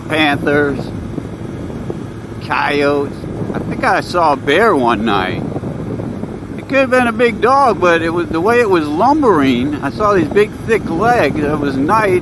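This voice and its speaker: A man talking casually while he rides his motorcycle, rambling through stories for his vlog on a helmet mic. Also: fairly high pitch. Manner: rambling, chatty storytelling. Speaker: motovlogger. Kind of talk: casual ride commentary. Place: outdoors on a moving motorcycle. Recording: wind and road noise.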